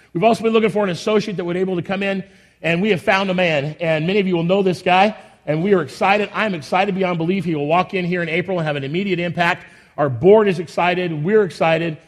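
A man with a high voice leads his congregation from the pulpit. He talks in a folksy, rambling way, full of enthusiasm and frequent restarts. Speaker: pastor. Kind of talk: church announcements and sermon. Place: church sanctuary.

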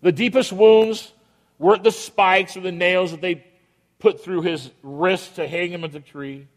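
A male pastor preaching an emphatic sermon, with dramatic pauses and repetition, often acting out the voices of people in the story. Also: sits high, steady tone. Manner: acts out quoted voices of biblical figures. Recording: long hall reverb.

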